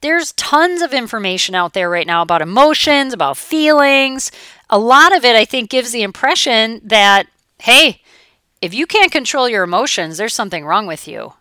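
Bright, crisp-voiced woman coach. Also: on the high side, normal speed, no room sound, clean studio sound. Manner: chatty, animated, acts out clients' voices. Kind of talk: motivational talk.

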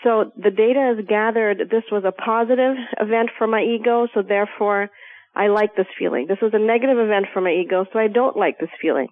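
Woman, talk show guest, calm, measured, phone-line sound. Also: medium pitch, no room sound. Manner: calm, measured, acts out voices playfully. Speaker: guest speaker. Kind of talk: spiritual talk show chat.

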